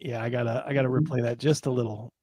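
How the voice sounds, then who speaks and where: A man's voice: medium pitch, steady tone, fast talker, a crowd in the background. Laughing man hosting a livestream. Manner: laughs often, reads viewer messages aloud. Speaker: show host. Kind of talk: casual livestream chat.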